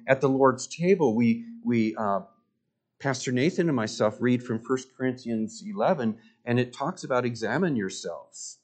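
A man's voice: mid-range voice, darkish tone. A man preaching a sermon as pastor, earnest and emphatic, with repeated words and direct questions to the congregation.

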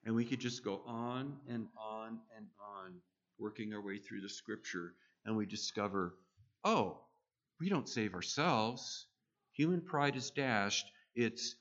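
Slow, bright-toned male preacher. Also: medium pitch, highs cut off. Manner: emphatic, repeats key phrases with rising force. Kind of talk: sermon.

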